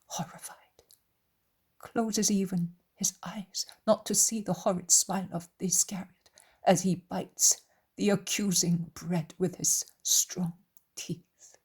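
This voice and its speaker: A woman narrating an audiobook in a soft whisper, very slow and hushed. Her voice is heavily breathy and airy and sits somewhat low. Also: steady tone. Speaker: audiobook reader.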